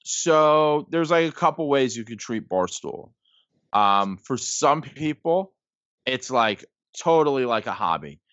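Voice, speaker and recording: A thirty-something man on a podcast rambles casually through his stories, saying "like" and "um" constantly. His medium-pitched voice is sing-song, unhurried, and a bit bright, with no room sound, over dull lo-fi podcast audio.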